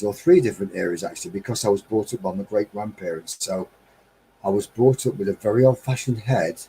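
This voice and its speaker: A man's voice: lowish voice, mellow, husky, rough recording. A man hosting a casual live stream chat, rambling cheerfully, laughing and breaking into snatches of song. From England.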